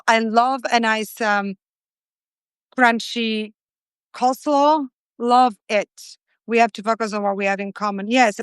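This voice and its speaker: A woman's voice: fairly high pitch, fairly bright tone, clear, resonant tone, no echo, poor audio. A woman hosting a live cooking stream from her home kitchen, chatty and effusive as she cooks and reads viewer comments aloud. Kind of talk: casual live-stream chat while cooking.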